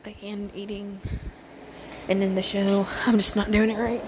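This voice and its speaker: Chatty young mom. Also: female voice, mid-range voice, level tone, moderate pace, background noise. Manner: chatty, rambling, switches to soft whispers. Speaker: mother of young children. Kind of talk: casual home vlog chat.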